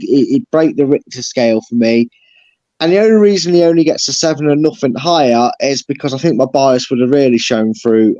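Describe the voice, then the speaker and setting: A man's voice: fairly high pitch, a little mellow, no room sound, muffled recording. A man rating football players on a fan channel, gushing and emotional, stumbling over his words. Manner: gushing, emotional, with frequent restarts. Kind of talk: casual chat.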